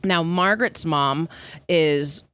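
A young woman co-hosting a podcast, telling a story in a casual, animated way, laughing often and acting out the people she quotes. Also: sits low, takes it slowly, clear, resonant tone, dry recording. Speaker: podcast co-host.

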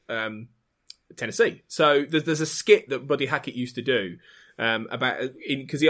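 A man's voice: mid-range voice, a bit bright. Male podcast guest, medium voice, enthusiastic trivia talker, restarts a lot. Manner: enthusiastic, stumbling restarts when explaining. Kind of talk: casual chat, sharing trivia.

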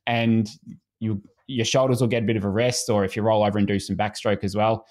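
A man's voice: on the low side, a little fast. A man, a swimming coach speaking as a podcast guest in an easygoing, casual way. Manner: relaxed, easygoing, frequent restarts.

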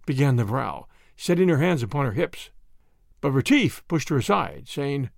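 A man narrating a story in an expressive audiobook style. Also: mid-range voice, moderate pace, vocal fry, no room sound, clean studio sound.

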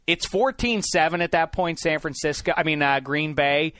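A man's voice: a little high, moderate pace, a bit bright, no room sound, clean studio sound. A man hosting a sports podcast in casual, jokey chat, rambling with frequent restarts. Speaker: podcast host.

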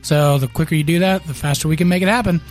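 A man co-hosting a casual podcast, upbeat and quick to laugh. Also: a little high, faint music behind. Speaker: podcast co-host.

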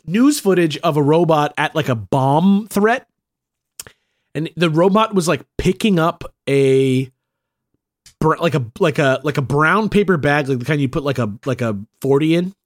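Man, slightly high pitch, rambling casual podcast chat, many fillers. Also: lively intonation, moderate pace. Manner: rambling, repeats himself with lots of fillers.

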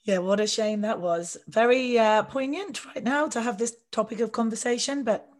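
A woman with a New Zealand accent co-hosting a podcast, laid-back and slangy, her voice husky after a weekend away. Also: a little high, normal speed. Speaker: podcast co-host. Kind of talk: casual chat.

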